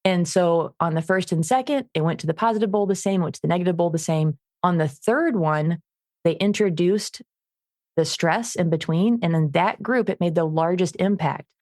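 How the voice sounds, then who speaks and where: A woman with a somewhat low voice co-hosts a casual podcast, recorded dry and close. She tells animated stories about her dog and gives the dog its own voice. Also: normal speed, no echo. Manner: animated storytelling, acts out her dog's voice. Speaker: podcast co-host, dog trainer. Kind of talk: casual chat.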